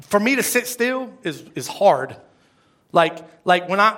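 A man's voice: sits high, sharp tone. A man preaching a conversational sermon, often asking the congregation questions. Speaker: pastor.

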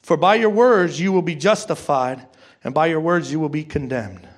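A man with a notably high voice preaches a sermon. He talks to the congregation like a conversation, throwing questions at them and repeating his key lines for emphasis. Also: normal speed. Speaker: pastor.

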